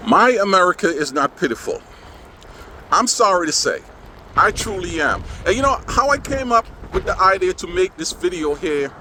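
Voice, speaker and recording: A man's voice: sits high, expressive, normal speed, pushed and bright. Sarcastic man vlogging outdoors in wind. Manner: sarcastic, rambling, says "man" a lot. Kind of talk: casual vlog monologue. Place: outdoors on windy streets, partly driving. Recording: outdoor wind and traffic noise. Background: wind and passing cars.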